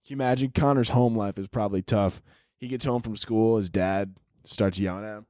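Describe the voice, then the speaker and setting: A young man hosting his own podcast, rambling through a profane, jokey rant that breaks into sudden yells. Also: on the low side, moderate pace, dry recording, studio quality. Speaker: podcast host. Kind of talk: casual comedic rant.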